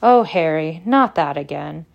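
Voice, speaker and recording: A woman reading aloud and voicing a clever teenage schoolgirl witch who explains things briskly and scornfully. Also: low voice, expressive, gravelly, muffled recording, exaggerated voice.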